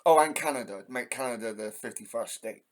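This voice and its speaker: A man's voice: mid-range voice, a little fast. An English man hosting a heated, profane ranting monologue. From England. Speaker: host.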